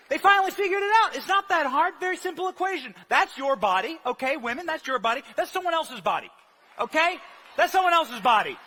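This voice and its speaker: A young man giving a live speech in a large hall, shouting in punchy bursts and at times dropping into quiet, earnest talk. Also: extremely high pitch, a little hiss or hum. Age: young adult. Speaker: rally speaker.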